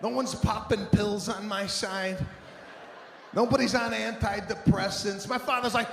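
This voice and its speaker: A man's voice: sits high, a little slow, creaky, noisy background. A man doing stand-up comedy on stage, telling exasperated stories and acting out voices. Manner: animated, exasperated storytelling with acted-out voices. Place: live comedy venue on stage. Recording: roomy hall echo, faint ambience.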